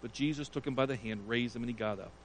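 A man's voice: mid-range voice, fast talker, slight background noise, rough recording. A man preaching a sermon, retelling a scripture story with earnest emphasis. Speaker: pastor.

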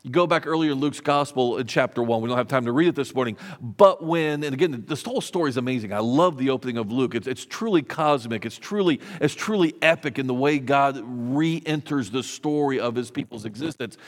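A man's voice: mid-range voice, fairly quick, hardly any pauses, long reverb tail. A man preaching a sermon in a conversational way, with rhetorical questions and frequent restarts. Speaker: pastor.

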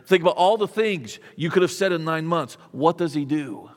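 A man with a slightly high voice preaches a conversational sermon, often restarting his phrases and asking the listeners rhetorical questions. His voice carries a long reverb, as in a church sanctuary. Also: fairly quick. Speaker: pastor.

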